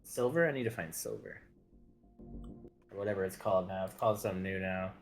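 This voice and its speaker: A man's voice: deep voice, expressive, a little fast, faint music behind. A man chatting casually while playing a game with a friend, rambling with hesitations and jokes. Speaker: fellow player. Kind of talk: casual gameplay chat.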